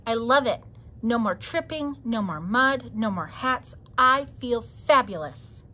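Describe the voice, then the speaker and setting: A woman's voice: fairly high pitch, lively intonation, slow, sharp tone, full character voice. Woman playing a bouncy, fussy storybook sheep. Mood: delighted. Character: fluffy female sheep, dramatic and fussy.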